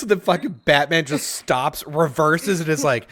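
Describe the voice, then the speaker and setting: A man's voice: on the high side, normal speed, bright, forceful tone. A young man co-hosting a podcast in casual chat, joking and acting out silly voices. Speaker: podcast co-host.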